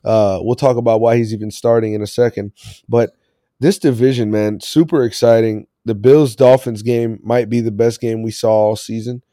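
A man hosts a casual sports podcast with a mellow, warm voice. He rambles loosely and laughs often. The sound is dry and close. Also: medium pitch, fairly even intonation, normal speed, no room sound. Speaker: podcast host.

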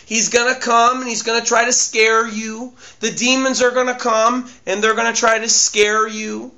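Sex: man. Role: pastor. Style: emphatic sermon with repeated phrases. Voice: high and bright. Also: flat delivery, moderate pace, muffled recording.

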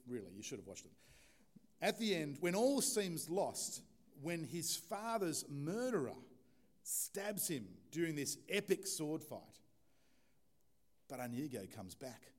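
A man preaching a relaxed, conversational sermon in church, joking with the congregation. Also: a little high, normal speed. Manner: informal, chatty, joking with the congregation. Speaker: pastor.

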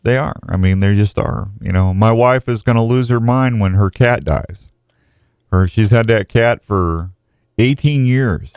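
Man, middle-aged, folksy talk-show host, grieving, slow and halting, very deep voice. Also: darkish tone, smooth, dry recording. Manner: folksy, grieving, speaks slowly with pauses. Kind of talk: casual talk show chat.

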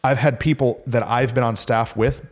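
Man, pastor co-host, mid-pitched, easygoing chat delivery. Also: moderate pace. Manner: relaxed and conversational, slips into animated quoted voices. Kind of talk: casual faith podcast chat.

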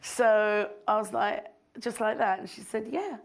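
A middle-aged woman, a filmmaker guest on stage, telling an animated anecdote with frequent laughter and mimicry. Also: mid-range voice, measured pace, gravelly.

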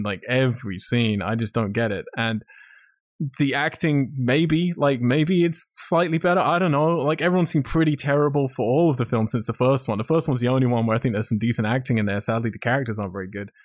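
A man's voice: medium pitch, no echo, studio quality. Blunt, ranting male podcast co-host. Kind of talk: casual film review chat.

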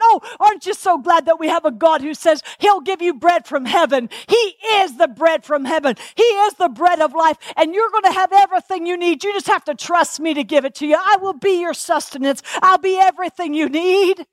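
A middle-aged woman with a high voice preaches a sermon with rising passion. She repeats her phrases and calls out questions to the congregation. The sound is dry and close. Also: moderate pace, hardly any pauses, no room sound.

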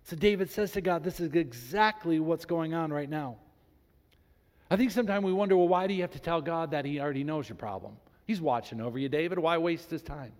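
Man, pastor, sermon, slightly high voice, animated preaching, long hall reverb. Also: fairly quick. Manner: animated preaching, reads scripture aloud with emphasis.

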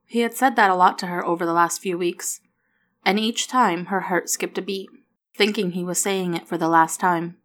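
A woman narrating a story aloud in an even, steady manner. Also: on the low side, moderate pace.

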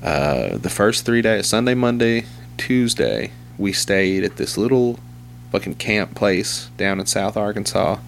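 A man's voice: lowish voice, lively intonation, unhurried, vocal fry, a little hiss or hum. A man telling crude, rambling stories in casual chat, swearing and laughing often. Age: young adult to middle-aged, father of a two-year-old.

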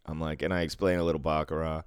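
A man's voice: a bass voice, quick pace, clean tone, no echo, clean studio sound. A man in his fifties from Cambridge with a Boston accent, swearing freely while telling stories in a casual chat. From Cambridge, Massachusetts. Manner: profane, animated storytelling.

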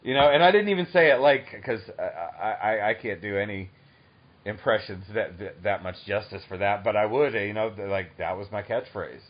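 A man in his thirties hosts a relaxed interview and talks eagerly, laughing often. His voice sits low, and the recording has a muffled, lo-fi sound. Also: husky. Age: 30s. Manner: enthusiastic and chatty, quick to laugh. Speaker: podcast host. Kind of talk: casual interview chat. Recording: dull lo-fi recording.

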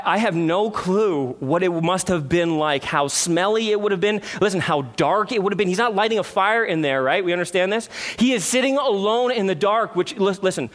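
A pastor preaches a sermon in a high, light voice, pressing his congregation with rhetorical questions. His delivery swings from loud emphasis to hushed reflection. The sound carries a long reverb from the church sanctuary.

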